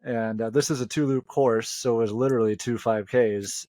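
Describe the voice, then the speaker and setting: A man's voice: medium pitch, steady tone, moderate pace, mellow, dry recording. A man from upstate New York co-hosting a running podcast, chatting casually and mocking himself. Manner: joking, self-mocking. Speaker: podcast co-host. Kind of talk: casual chat.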